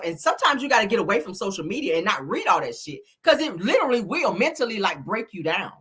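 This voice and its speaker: A sassy woman hosting a gossip commentary vlog, with a voice that swoops up and down. Her tone is bright and a little husky. She leans hard on her phrases. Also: on the high side, very animated, fast, few pauses. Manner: sassy and emphatic, full of "honey" and "child".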